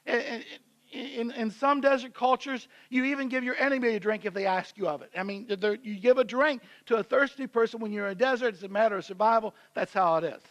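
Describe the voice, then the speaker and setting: A man's voice: very high-pitched, brisk, a bit bright. A man preaching as senior pastor in a church, telling the story conversationally and acting out the characters' voices. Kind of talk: sermon.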